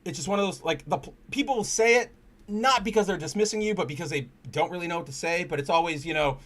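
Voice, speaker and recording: A man's voice: high-pitched, quick pace, fairly bright tone. A man hosting a casual comic book chat stream, rambling with frequent restarts, cursing freely and speaking candidly about personal matters. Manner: earnest and candid when personal. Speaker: podcast host.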